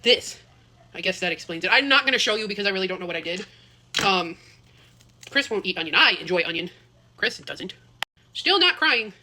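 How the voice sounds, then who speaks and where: Quick, bright-voiced chatty woman cooking. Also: medium pitch, slight background noise. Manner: rambling, chatty, self-deprecating, drifts off topic. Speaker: home cooking vlogger. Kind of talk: casual cooking vlog chat. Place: home kitchen.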